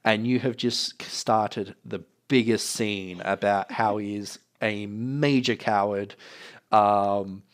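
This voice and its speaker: A man running a tabletop game as game master, narrating in a relaxed, meandering way. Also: on the low side, slow pace.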